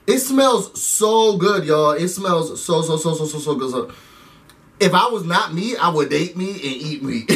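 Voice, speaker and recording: High-voiced man ranting about reality TV. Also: far from the mic. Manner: chatty, animated, addresses viewers as y'all. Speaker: reality TV recap vlogger. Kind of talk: casual recap rant to camera.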